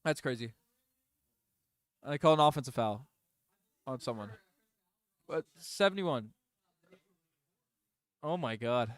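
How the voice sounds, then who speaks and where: A young man doing partisan fan play-by-play for a livestream, rattling off plays and breaking into loud, emotional outbursts. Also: mid-range voice, expressive, dry recording. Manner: partisan, swings between rapid calls and loud outbursts. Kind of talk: excited fan play-by-play commentary.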